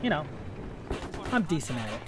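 A man's voice: on the high side, sing-song, moderate pace, music in the background. A man giving rambling, self-mocking voice-over commentary on his own gameplay, easily getting worked up. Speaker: gaming commentator.

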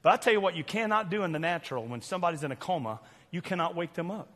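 An older man with a Southern US accent preaching a fiery sermon, loud and preachy with sudden shouts and quiet asides. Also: on the high side, expressive, racing. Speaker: pastor. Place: church sanctuary. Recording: long church hall reverb.

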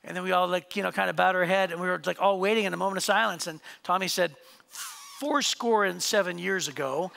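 Man preaching in a church, high-pitched, gravelly, bright voice, conversational and jokey. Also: flat delivery, very fast, hardly any pauses. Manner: conversational, jokey, asks the congregation questions. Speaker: pastor. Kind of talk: sermon with storytelling. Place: church sanctuary.

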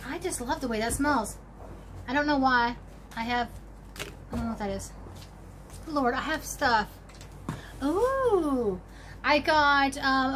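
A woman's voice: high voice, fairly bright tone, slight background noise. A woman hosting a casual crochet vlog, chatting to viewers in a bubbly, rambling way as she digs through a box. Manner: chatty, bubbly, talks to viewers while rummaging. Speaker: crochet channel host. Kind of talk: casual show-and-tell vlog.

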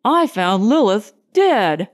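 A woman's voice: medium pitch, sing-song, slow. Grim scientist man, as a woman narrator voices him. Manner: clipped and grim. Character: grim, tense male starship scientist.

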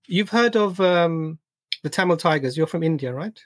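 A man's voice: a little high, animated, normal speed, dry recording, studio quality. Patient man hosting a debate. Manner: patient, asks leading questions. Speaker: panel host. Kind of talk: live stream debate discussion.

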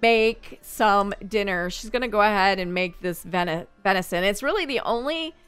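A woman's voice: medium pitch, normal speed, fairly bright tone, clear, resonant tone, faint music behind. A woman hosting a gaming video, chatting casually through her gameplay and exclaiming at what happens on screen.

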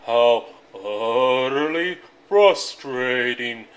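A reader playing theatrical lowing cows. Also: lively intonation. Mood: mournful. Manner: slow, drawn-out and theatrical. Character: herd of cows, dramatic and mournful.

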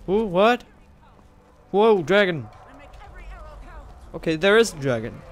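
A goofy young man giving excitable, jokey commentary while he plays a video game. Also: high-pitched, slow. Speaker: gamer, video host. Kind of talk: casual let's-play commentary.

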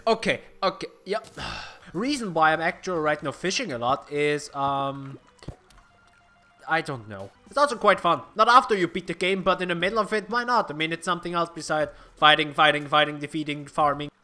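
Excitable young man commenting on a game. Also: on the high side, moderate pace, soft background music. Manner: excitable, swears casually, thinks aloud. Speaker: let's play host. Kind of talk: gameplay commentary.

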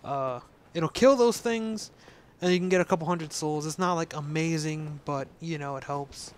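A man's voice: fairly high pitch, normal speed, slight background noise. Jittery young man with a sore throat. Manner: jittery, chatty, swears. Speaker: let's play host. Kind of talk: casual gameplay commentary.

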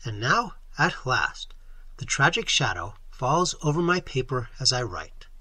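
Husky, lively male audiobook narrator. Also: medium pitch, unhurried, dry recording. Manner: expressive storytelling reading. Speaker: audiobook reader. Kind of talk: scripted narration.

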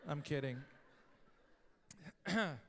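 A man preaching a sermon as pastor, talking casually and rising to shouted emphasis, recorded live in a church. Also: fairly high pitch, animated, extremely slow, gravelly, a little hiss or hum. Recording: live church hall reverb.

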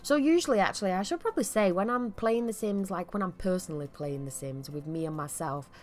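A woman's voice: lowish voice, fast, soft background music. A woman with a Mancunian accent giving chatty, rambling gameplay commentary with self-deprecating asides. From Manchester, England. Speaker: let's play commentator.

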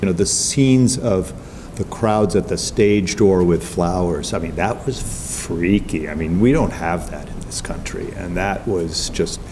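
A man's voice: sits low, a little slow, in a large hall, background noise. A man conductor remembering, emotional and searching in a reflective interview.

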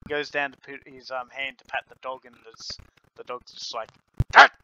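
A man running a tabletop game as game master, narrating in an unhurried, lively way, recorded on a home computer mic. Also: medium pitch. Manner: unhurried, lively storytelling with light laughter. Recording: dull lo-fi with faint hiss.

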